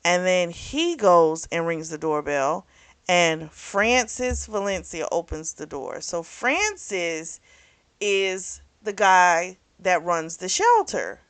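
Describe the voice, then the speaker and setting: Chatty woman with a lowish voice. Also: big pitch swings, takes it slowly, fairly bright tone, smooth, dry recording. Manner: chatty, rambling, full of "like" and "you know"; self-correcting, loses track of names. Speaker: book club host. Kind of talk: casual book recap.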